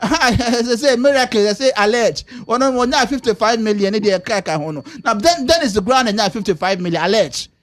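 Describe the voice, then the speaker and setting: A man's voice: extremely high pitch, animated, normal speed, hardly any pauses, fairly bright tone. A man giving emphatic political commentary on a radio talk show, mixing Twi and English.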